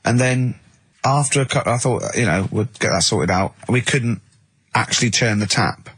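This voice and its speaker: Husky man spinning a rambling radio anecdote. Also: mid-range voice, normal speed, fairly bright tone, no echo. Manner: rambling anecdotes, acting out the people he quotes. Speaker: radio co-host. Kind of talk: casual radio banter. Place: radio studio.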